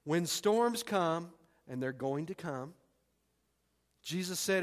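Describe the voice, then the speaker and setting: A man preaching a sermon as pastor, emphatic, with dramatic pauses and repeated phrases. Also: fairly high pitch, animated, big-room sound. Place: church sanctuary.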